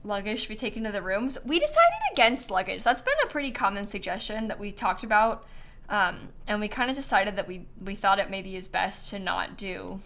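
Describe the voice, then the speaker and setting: A woman's voice: mid-range voice, expressive, a little fast, a bit bright. A young woman streaming a game, thinking aloud in casual chat, hesitant and full of ums.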